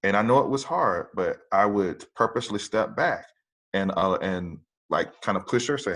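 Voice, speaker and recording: A man's voice: fairly low pitch, lively intonation, moderate pace, a bit bright. A man talking as a guest in a casual conversation, speaking earnestly from his own family life.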